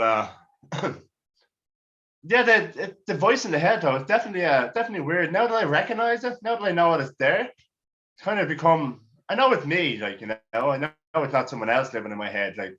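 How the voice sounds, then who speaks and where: A man's voice: mid-range voice, sharp tone, dull audio. A middle-aged man doing a crude, rambling, self-mocking stand-up routine. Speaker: stand-up comedian.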